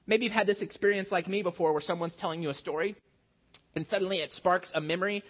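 A man's voice: high-pitched, fairly even intonation, fast. A man in his thirties preaching a sermon in a conversational, self-deprecating storytelling manner. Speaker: pastor. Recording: muffled lo-fi sound.

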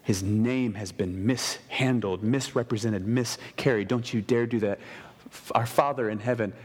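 A man's voice: medium pitch, normal speed, a little mellow, husky. A man preaching a sermon in a mid-range voice, talking to the congregation conversationally and punching key phrases with emphatic asides. He often restarts his sentences. The sound rings with a long reverb, as in a large hall. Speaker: pastor.

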